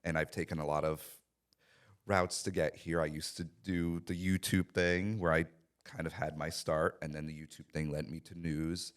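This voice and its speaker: Brief: man in his 30s, very low voice, easygoing and self-deprecating interview guest. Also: flat delivery, normal speed, clear, resonant tone. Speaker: guest filmmaker. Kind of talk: casual interview chat.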